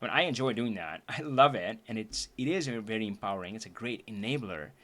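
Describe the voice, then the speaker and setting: A man hosting a casual livestream for viewers, talking earnestly and reflectively, often restarting and laughing, his voice going hoarse. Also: lowish voice, animated, a little fast, pushed and bright. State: losing his voice. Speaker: livestream trainer and host. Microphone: streaming setup.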